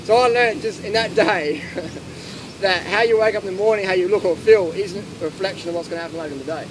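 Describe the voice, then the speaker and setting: A man giving blunt, animated answers and stories to an audience in a casual Q&A at an outdoor gathering. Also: sits high, fast talker. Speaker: speaker answering audience questions. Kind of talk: casual Q&A talk with anecdotes. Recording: noisy outdoor ambience with traffic.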